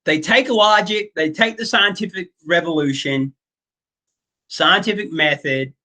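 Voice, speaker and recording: Man, teacher, lecturing class, relaxed and joking, slow delivery, high bright voice. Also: low-quality recording. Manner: casual, joking, many fillers. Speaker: history teacher.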